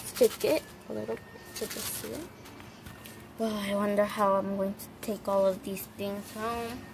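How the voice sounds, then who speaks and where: A woman narrating a toy doll shopping game in a chatty, halting way with plenty of fillers, on a noisy home recording. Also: mid-range voice, little pitch movement, vocal fry. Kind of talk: playful toy role-play narration.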